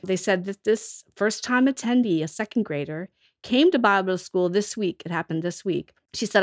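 A woman's voice: medium pitch, animated, normal speed, no room sound, clean studio sound. A woman with a cold, telling earnest stories as a ministry leader in a casual podcast chat. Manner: earnest storytelling with restarts. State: has a cold.

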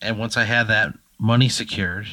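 Man, low voice, blunt, exasperated, swearing, casual comedy banter, dry close sound. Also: fairly even intonation, moderate pace, pushed and bright, no echo, rough recording.

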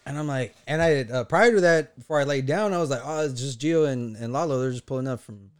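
A man telling a story in casual podcast chat, animated, acting out what others said and swearing often. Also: mid-range voice, brisk, clear, resonant tone. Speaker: podcast co-host.

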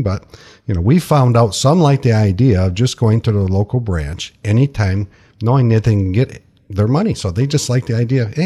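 A man's voice: lowish voice, mellow, breathy edge. A man talking as a financial advisor guest in casual radio talk, folksy, repeating himself and laughing easily.

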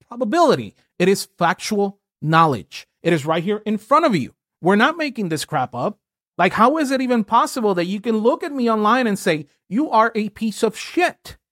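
A man's voice: sits high, very animated, a little fast, fairly bright tone, no room sound, studio quality. An American man co-hosting a political podcast, ranting heatedly and swearing often. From United States. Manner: ranting and profane, voice rising when angry. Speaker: podcast co-host.

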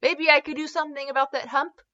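A woman's voice: high voice, steady tone, quick pace, pushed and bright, pitched above the performer's own voice. A woman voicing an awkward, polite young male doctor who talks sheepishly and fumbles his words, on a slightly dull recording.

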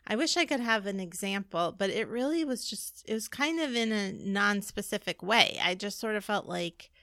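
A woman's voice: mid-range voice, animated, normal speed, a bit bright, no echo, studio quality. A woman co-hosting a podcast in casual chat, rambling a little and laughing as she hunts for words. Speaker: podcast co-host, energy healer.

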